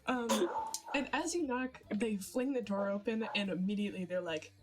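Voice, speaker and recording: A young woman with a mid-range voice and moderate pace narrates a tabletop fantasy game as game master. She sounds hesitant, using many fillers and giggling often, with background music playing.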